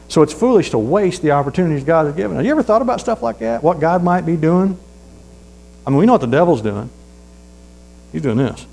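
A man preaches in a gravelly voice, spinning folksy stories. He pushes up loud on his main points and sinks to quiet asides. A faint mains hum sits under the recording. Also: mid-range voice, poor audio. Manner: folksy storytelling, rising loud on points then dropping to hushed asides. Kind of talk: sermon.

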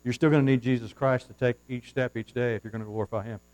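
In church at the pulpit, a male pastor preaches fast in a steady, mid-range voice on a rough recording. His sermon moves from hushed asides to fervent, loud outbursts, with scripture read in formal, old-fashioned wording.

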